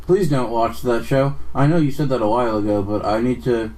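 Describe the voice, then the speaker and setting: A man's voice: medium pitch, fairly quick, a little mellow. A young man streaming a video game live, flustered and apologetic, swearing at technical trouble and joking at his own expense. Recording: distant mic with faint music.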